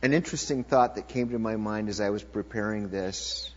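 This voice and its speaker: A man preaching a sermon, reading scripture quietly and then building to loud, shouted exclamations. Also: lowish voice, a little fast. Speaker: pastor. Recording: lo-fi recording with mains hum.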